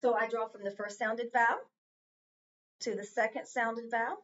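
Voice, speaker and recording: A woman's voice: fairly high pitch, steady tone, normal speed, a bit bright, a little hiss or hum. A woman tutoring a child in phonics, patiently asking prompting questions one-on-one. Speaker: reading tutor. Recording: distant, dull lo-fi sound.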